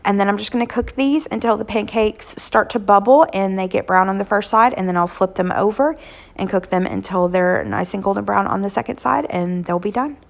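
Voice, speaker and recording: Woman, 30s-40s, hoarse, gravelly voice, chatty cooking vlog host, casual filler-heavy talk. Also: mid-range voice, brisk. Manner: chatty, homey, frequent "um" fillers. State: hoarse from illness.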